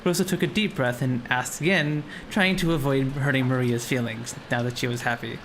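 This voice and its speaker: Man streamer, mid-pitched voice, measured reading, faint background noise. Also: a bit bright. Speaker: streamer and narrator. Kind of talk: reading a visual novel aloud on stream.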